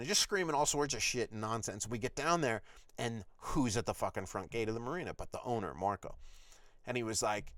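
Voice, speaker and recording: A man's voice: lowish voice, brisk, fairly bright tone, no echo. Profane man rambling through a story. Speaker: podcast host.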